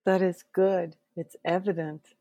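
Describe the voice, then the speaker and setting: A woman hosting a podcast, speaking gently and encouragingly as she closes the episode. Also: fairly low pitch, little pitch movement, measured pace, no echo, dull audio. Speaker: podcast host. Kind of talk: podcast host sign-off.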